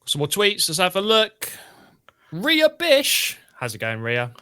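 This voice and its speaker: Bright-voiced man chatting race. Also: fairly high pitch, sing-song, moderate pace, clean tone. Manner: chatty, reads viewer tweets aloud. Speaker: stream co-host. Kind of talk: casual live race watch-along chat.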